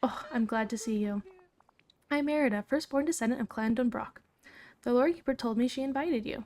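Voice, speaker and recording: A woman's voice: on the high side, a little fast, darkish tone, lightly acted. A woman reading a brave young princess's game dialogue aloud in her own plain voice, without putting on an accent. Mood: earnest.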